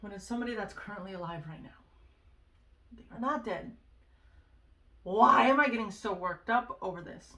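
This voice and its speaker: A woman speaks in an earnest, conversational way, sharing personal advice and checking in with asides. Her voice is bright and forceful, and it sits a little back from the mic. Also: a little high, lively intonation, moderate pace, pauses often, far from the mic. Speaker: vlogger sharing self-help advice. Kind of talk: casual personal advice talk.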